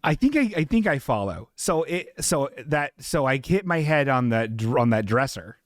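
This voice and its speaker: A man's voice: medium pitch, sing-song, normal speed, no echo, studio quality. A man hosting a comedy livestream in casual chat, rambling and self-deprecating, often laughing at his own asides. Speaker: podcast host.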